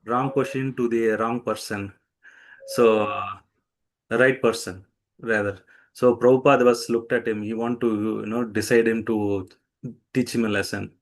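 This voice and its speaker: A man's voice: fairly low pitch, steady tone, normal speed. A man teaching scripture in a devotional talk, telling stories animatedly with frequent fillers, restarts and acted-out quotes.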